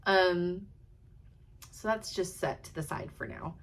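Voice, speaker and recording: A young adult woman talks casually to her viewers in a slightly low voice. She gushes freely, with lots of "like" and "um" and laughter slipping into her sentences. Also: slow. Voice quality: chatty, gushing, frequent "like" and "um", laughs while talking. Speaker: cross-stitch vlogger. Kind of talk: casual chat to camera.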